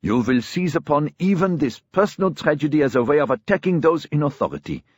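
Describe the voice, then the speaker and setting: A man's voice: medium pitch, big pitch swings, a little fast, no room sound, clean studio sound, pitched above the performer's own voice. A man doing a furious, indignant young man. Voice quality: indignant, shouting. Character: hot-tempered young man, defends authority.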